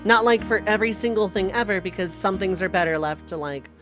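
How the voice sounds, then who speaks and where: A young woman streamer rambles casually over her gameplay, circling back and restarting her sentences. Her voice sits at a middle pitch, with faint game music behind her. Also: fast talker. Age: young adult. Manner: rambling, filler-heavy, with repeated restarts. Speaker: let's play streamer.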